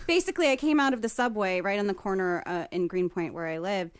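A woman, a podcast guest who fights MMA, telling a story in casual chat, profane and animated, acting out the quotes. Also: medium pitch, fast, noisy background.

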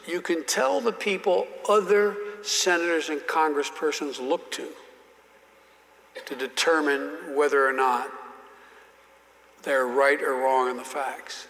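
A man's voice: fairly high pitch, takes it slowly, a bit bright, in a large hall, a little hiss or hum. A man in his seventies, a guest telling anecdotes in an interview, often repeating and restarting words. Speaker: interview guest, former politician. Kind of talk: anecdotal storytelling in conversation.

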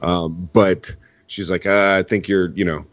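Deep voiced guy on a podcast, rambly and sweary, dry slightly dull mic. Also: steady tone, a little slow, fairly bright tone, dry recording. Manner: profane, rambling, lots of restarts. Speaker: podcast co-host. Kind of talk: casual chat.

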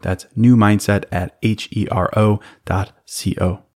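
Low-voiced man reading a sponsor spot. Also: a little slow. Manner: relaxed, conversational, first-person. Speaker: podcast host. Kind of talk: host-read sponsor spot.

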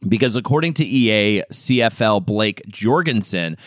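A man's voice: on the low side, animated, moderate pace, no room sound, clean studio sound. A man co-hosting a podcast in casual chat, talking enthusiastically and rambling with frequent restarts. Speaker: podcast co-host.

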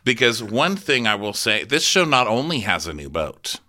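A man's voice: mid-range voice, very animated, moderate pace, sharp tone. A man co-hosting a casual reality-TV podcast, wry and sarcastic, rambling as he talks. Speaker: podcast co-host.

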